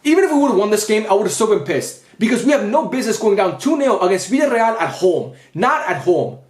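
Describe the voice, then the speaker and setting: A man's voice: sits high, sing-song, brisk, darkish tone, reverberant. A young man ranting after a football match as a fan vlogger, frustrated and repetitive, swearing often. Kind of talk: post-match rant.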